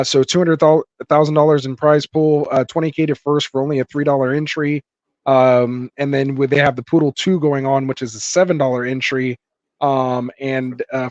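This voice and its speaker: A man's voice: fairly high pitch, dry recording. A man hosting a live fantasy football stream, chatting casually with viewers and reading their comments aloud with lots of fillers. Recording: dull dry lo-fi mic.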